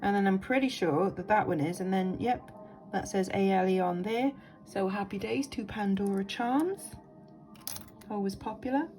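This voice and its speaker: A woman's voice: medium pitch, moderate pace, a little mellow, faint music behind. A woman, chatting enthusiastically as she shows vintage jewellery in a casual vlog, thinking aloud with lots of ums. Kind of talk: casual show-and-tell vlog.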